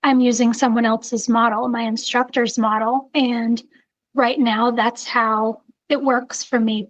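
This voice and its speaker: A woman with a Southern accent talks in a fairly high, soft-spoken voice. She sounds earnest and explains herself plainly. The sound is dry and close. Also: no echo, rough recording. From South Carolina. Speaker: guest, intuitive reader. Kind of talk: coaching session conversation.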